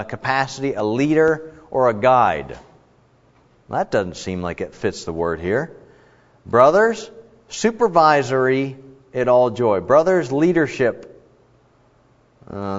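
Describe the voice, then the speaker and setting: A man preaching a sermon, explaining a word and telling self-deprecating personal stories in an animated way. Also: medium pitch. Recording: echoey hall, dull lo-fi sound.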